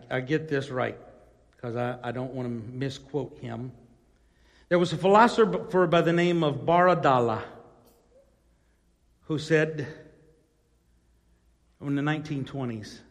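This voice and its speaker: Male pastor, high-pitched, sermon delivery that swells to loud rhetorical questions; long church reverb. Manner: swings from quiet asides to loud, emphatic rising questions.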